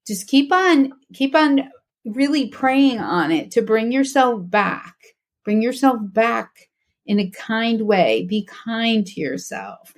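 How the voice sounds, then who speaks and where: A woman's voice: fairly high pitch, lively intonation, takes it slowly. A woman guest on a faith podcast, talking earnestly and reflectively about her journey, with frequent restarts.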